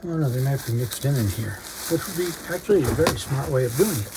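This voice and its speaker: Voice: medium pitch, expressive, quick pace, background noise. Chatty record collector unboxing vinyl. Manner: reads out record titles with brief musing remarks. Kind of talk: casual unboxing commentary.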